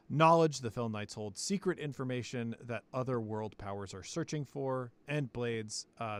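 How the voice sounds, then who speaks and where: A man's voice: mid-range voice, no echo. A man leading a collaborative tabletop worldbuilding session, reading out game prompts and weighing the group's ideas.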